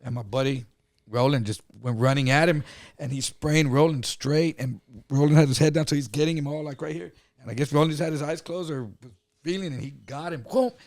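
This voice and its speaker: A man's voice: fairly high pitch, a little fast, no echo, clean studio sound. A man, co-hosting a podcast, telling a long story in a loose, profane way and acting out the other voices. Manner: animated storyteller, acts out other voices, swears freely. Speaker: podcast co-host. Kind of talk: casual storytelling chat.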